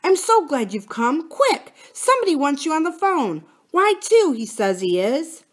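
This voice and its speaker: A woman's voice: a little high, very animated, normal speed, voice pushed up. Woman doing an eager, pleading schoolboy. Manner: earnest, pleading.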